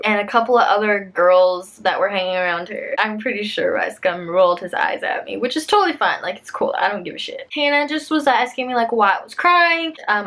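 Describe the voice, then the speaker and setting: A woman's voice: a little high, fairly bright tone. A woman in her twenties telling a casual storytime vlog, chatty, saying "like" a lot and laughing often. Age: 20s.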